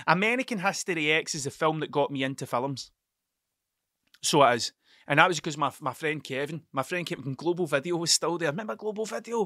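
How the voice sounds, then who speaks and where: This podcast host's voice is a little high and sharp, captured in studio-quality audio with no room sound. His casual monologue rambles, full of swearing and stuttering as he spins his stories.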